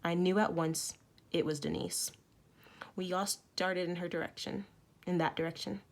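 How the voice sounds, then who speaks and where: A woman teacher reading a novel aloud to her students, expressive, with small self-corrections. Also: lowish voice, moderate pace. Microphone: recorded at home for online learning.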